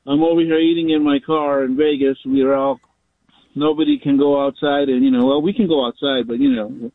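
A male radio caller rambling and joking from his car. His voice is a little higher than average and comes through a thin, tinny phone line. The sound is dry, with no room around it. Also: fairly quick, no echo. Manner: rambling, jokey.

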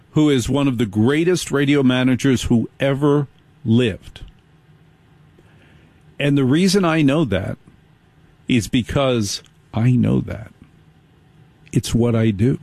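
An older man talks on the radio in a brash, wisecracking way. He rambles through jokes and stories. His voice sits in a middle pitch, and the recording is close and dry. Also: darkish tone, dry recording. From New Jersey. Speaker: talk radio host. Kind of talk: comic talk radio monologue.

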